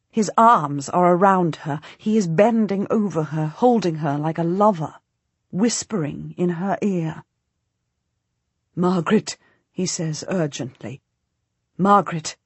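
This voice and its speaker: A woman reading a historical novel aloud as a first-person audiobook narrator, measured and dramatic. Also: fairly low pitch, breathy edge, dry recording.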